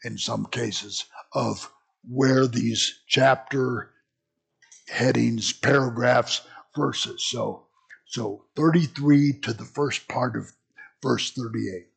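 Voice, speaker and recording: Slow, gravelly Bible study teacher. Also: male voice, mid-range voice. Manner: rambling, conversational teaching with asides.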